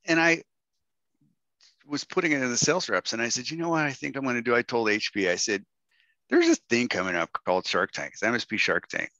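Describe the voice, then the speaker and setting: A man's voice: mid-range voice, a little fast, bright, forceful tone, no room sound, dull audio. A middle-aged man from Texas, telling a story to a workshop audience and acting out the quotes in raised voices. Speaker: guest speaker.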